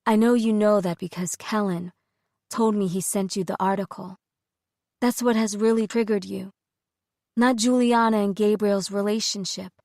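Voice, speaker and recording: A woman narrator voicing a calm, soothing female caretaker in an audiobook, measured and firm. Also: medium pitch, dry recording, studio quality, close to an everyday voice. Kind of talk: audiobook character voice.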